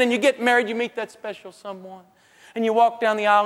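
A man's voice: extremely high pitch, little pitch movement, quick pace, a bit bright, long reverb tail. A man giving a humorous teaching talk, telling stories and acting out everyday people, often stumbling and restarting his sentences. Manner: storytelling, acts out everyday people, frequent stammered restarts. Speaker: seminar speaker.

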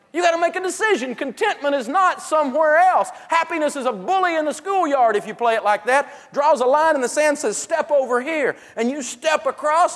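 A man with a notably high voice teaches through humorous stories, acting out everyday people as he goes. He often stumbles and restarts his sentences mid-thought. His voice rings out with the long reverb of a large hall. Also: fairly bright tone. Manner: storytelling, acts out everyday people, frequent stammered restarts. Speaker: seminar speaker. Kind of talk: humorous teaching talk to a live audience.

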